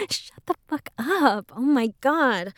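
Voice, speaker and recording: A young woman's mid-range voice, recorded with clean studio sound and no echo, voices a teasing, bossy roommate in intimate audio role-play. Her delivery is hushed and playful, broken by frequent soft laughter.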